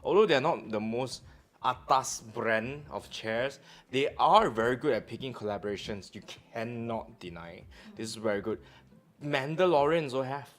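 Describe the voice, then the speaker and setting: A man's voice: medium pitch, animated, moderate pace. A man in his thirties with a Malaysian English accent, casually hosting a live-stream chat and teasing his co-host. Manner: joking and teasing, loud bursts, slang particles like "lah". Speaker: show host.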